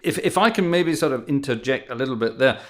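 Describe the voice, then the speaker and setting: A man's voice: medium pitch, expressive, quick pace, fairly bright tone. A man from Inverness, hosting a casual chat over a video call in a friendly, playful way. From Inverness, Scotland. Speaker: organist, podcast host.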